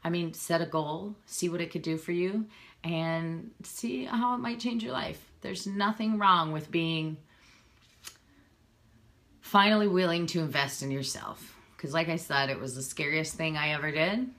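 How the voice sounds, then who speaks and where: A woman's voice: on the low side, a little slow, a bit bright. A woman in her thirties, a fitness coach talking casually and earnestly on a live video, persuasive and a little emotional. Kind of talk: casual live-stream talk to viewers. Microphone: phone or webcam, live video.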